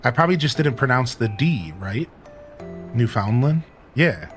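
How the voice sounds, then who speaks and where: A man's voice: mid-range voice, animated, a little slow, faint music behind. A man from Ohio with a Midwestern accent, a streamer chatting playfully with his live chat while he plays, teasing and laughing often. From Ohio, USA.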